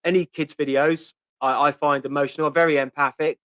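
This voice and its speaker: Fairly high-pitched, bright and a little fast, with fairly even intonation, a fifty-something host with a Pompey accent runs a relaxed live-stream Q&A. He reads out viewer comments, answers questions, and says "um" a great deal. The recording is dry.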